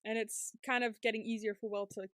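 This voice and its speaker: Bubbly woman podcaster, higher voice. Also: brisk, dry recording, studio quality. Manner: lively retelling, acting out characters' lines; laughs often. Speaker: podcast co-host. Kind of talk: casual TV recap chat.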